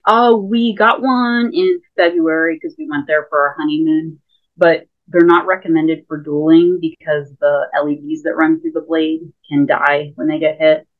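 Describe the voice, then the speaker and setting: A woman's voice: deep voice, steady tone, normal speed. A woman guest on a remote interview, explaining things in a chatty way with lots of fillers. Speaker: guest, lightsaber school founder. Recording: tinny phone-like call audio.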